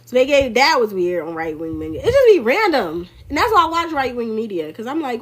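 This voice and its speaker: A young woman giving casual political commentary on a livestream, in a sassy, emphatic, animated way. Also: a little high, brisk, few pauses.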